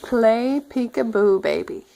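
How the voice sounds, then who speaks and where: A mother at home reading a picture book aloud to her toddler, gently coaxing and prompting the child along. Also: fairly high pitch, lively intonation, slow, creaky, slight background noise, poor audio.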